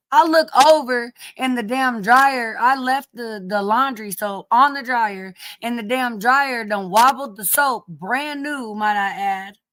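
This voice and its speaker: A woman's voice: fairly high pitch, fairly bright tone, no room sound. A middle-aged woman hosting a casual live stream from home, greeting viewers by name, sniffly from allergies and cursing lightly as she chats.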